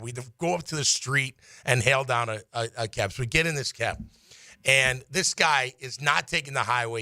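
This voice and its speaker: Dry bright-voiced man telling a story. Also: no room sound. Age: middle-aged. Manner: animated, acts out quotes with big pitch swings. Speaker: former player telling a story on sports radio. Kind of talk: casual storytelling.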